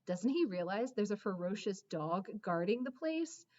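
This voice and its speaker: A woman narrating a children's story in the first person, expressive, with dramatic hushes and excited rises. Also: mid-range voice, normal speed, dull audio. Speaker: audiobook narrator.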